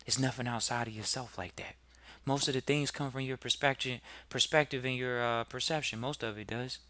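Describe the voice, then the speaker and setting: Bright-voiced man giving a motivational talk. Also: mid-range voice, steady tone, fairly quick, dry recording. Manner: preachy, builds to loud emphatic peaks; addresses listeners directly with rhetorical questions. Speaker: podcast host.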